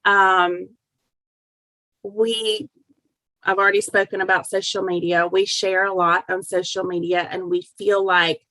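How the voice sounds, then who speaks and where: A woman's voice: medium pitch, a bit bright, no echo, rough recording. A middle-aged woman telling a personal family story as an interview guest, earnest and heartfelt.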